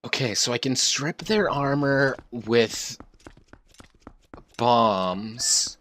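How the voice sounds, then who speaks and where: A man streaming a video game live, thinking aloud, shifting between low mutters and frustrated outbursts. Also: extremely slow, fairly bright tone, slight background noise. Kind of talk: casual live gameplay commentary.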